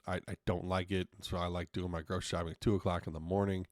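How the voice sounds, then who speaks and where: Fast and level, a man's low-pitched, darkish voice carries his solo podcast storytelling, which is casual, frank and a little profane, with quotes acted out. The clean studio recording has no room sound.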